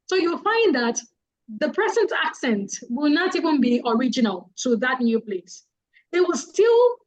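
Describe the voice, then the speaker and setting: Emphatic high-voiced Nigerian woman. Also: poor audio. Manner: emphatic, repeats points for effect. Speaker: guest speaker. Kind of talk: public speaking advice talk.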